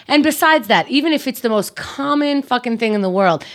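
A woman's voice: a little high, expressive, fairly quick, few pauses. A woman with a New York accent, co-hosting a casual chat, telling stories animatedly, swearing freely and laughing often.

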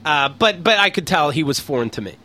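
High, lively man ranting profanely. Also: a little fast, a little hiss or hum. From Pennsylvania. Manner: ranting, profane, exasperated storytelling. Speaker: podcast co-host. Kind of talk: casual comedic chat.

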